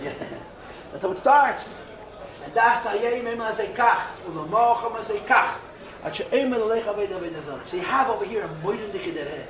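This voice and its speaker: A man teaching a Torah class, animated and mixing in Hebrew and terms. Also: high-pitched, normal speed, a crowd in the background. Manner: animated, mixes Hebrew and Yiddish terms, acts out voices in asides. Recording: roomy hall, voice from far off the mic.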